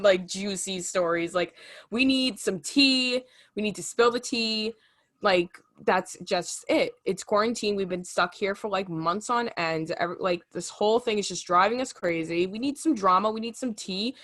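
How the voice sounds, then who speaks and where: A young woman in her twenties co-hosting a podcast in casual chat, animated and full of fillers. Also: mid-range voice, moderate pace. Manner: chatty and animated, lots of fillers. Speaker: podcast co-host.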